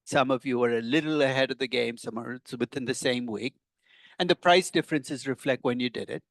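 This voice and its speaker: An older man teaches a class in a relaxed, conversational way, tossing wry asides at his students. His voice sits at an ordinary middle pitch. The sound is close and dry, with little room echo. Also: a little fast. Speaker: professor. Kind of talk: classroom lecture. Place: lecture hall with students.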